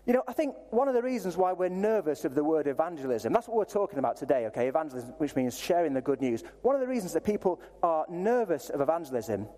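A man preaching a sermon in a lively, conversational way, with self-deprecating asides. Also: fairly high pitch, fast, few pauses. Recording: reverberant hall sound.

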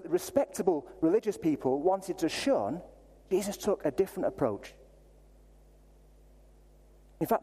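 Animated preacher in a reverberant hall. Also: male voice, high-pitched. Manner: animated, conversational, self-deprecating asides. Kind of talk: sermon.

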